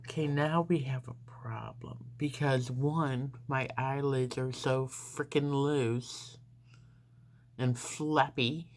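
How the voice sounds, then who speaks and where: A woman's voice: extremely low pitch, fairly even intonation, darkish tone, a little hiss or hum. A woman telling a long personal story in a casual, rambling way while she does her makeup. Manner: rambling, unhurried, with frequent fillers. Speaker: beauty vlogger.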